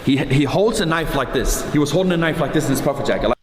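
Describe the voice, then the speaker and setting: A fast-talking man tells a story with a lively, swinging voice, acting out each person he quotes. His voice is fairly high and carries an echoey, roomy stream sound with faint background noise. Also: crowd noise. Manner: animated, acts out the people he quotes.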